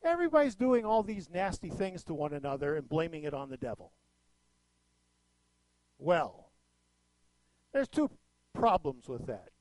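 Animated high-voiced male preacher. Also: measured pace, pauses often, no echo, low-quality recording. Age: middle-aged. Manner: storytelling with animated swings in pitch and loudness. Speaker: pastor. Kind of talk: sermon.

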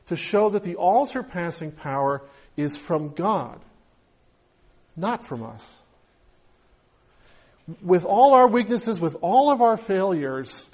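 A male pastor giving a sermon in a conversational way, now and then acting out little dialogues. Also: a little high.

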